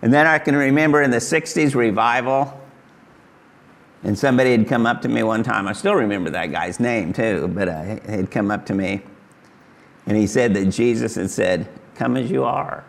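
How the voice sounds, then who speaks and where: An older man from Kansas, giving an earnest, folksy testimony sermon as a pastor. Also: normal speed. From Kansas, USA. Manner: earnest, folksy, rises high when voicing Jesus.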